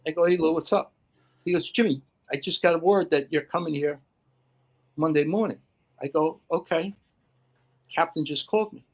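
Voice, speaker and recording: A man telling a firehouse story in casual podcast chat, acting out the voices of the people he quotes. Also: on the high side. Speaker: podcast guest, firefighter.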